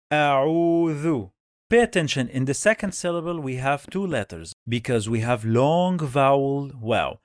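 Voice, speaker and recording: Male teacher, slow, dry close sound, repeats sounds for beginners. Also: mid-range voice, no echo. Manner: drills sounds by repeating them many times. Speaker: Arabic reading teacher. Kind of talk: slow step-by-step pronunciation lesson.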